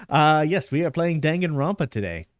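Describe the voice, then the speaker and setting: Chatty male streamer, lively pitch. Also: normal speed, dry recording, studio quality. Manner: chatty, rambling, laughs often. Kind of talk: casual gameplay commentary. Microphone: headset.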